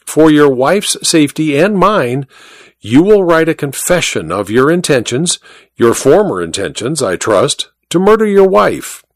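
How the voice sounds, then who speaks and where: A sly, chuckling little druggist, put on by a man reading a mystery story, his voice lifted higher than the narration and swinging through lively turns. He taunts with smug, unhurried politeness in a close, dry sound. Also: no echo. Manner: chuckling, mocking, teasing.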